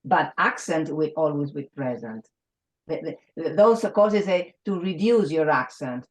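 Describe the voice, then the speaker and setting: A woman's voice: sits low, animated, unhurried, low-quality recording. A woman with an Argentinian Spanish accent, a native Spanish speaker and English teacher, talking earnestly and emphatically in a round table discussion with frequent restarts.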